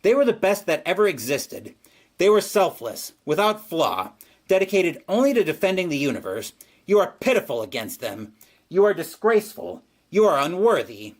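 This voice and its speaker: A man's voice: medium pitch, sing-song, moderate pace. A man voicing a huge cosmic entity that judges and scolds with contempt, read aloud from a game's story text. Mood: scornful.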